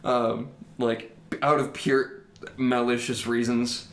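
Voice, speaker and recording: Young man, podcast co-host, casual storytelling, animated, middle pitch, echoey room. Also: slow. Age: young adult. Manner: animated, mimics others in high voices, laughs often. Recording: roomy echo.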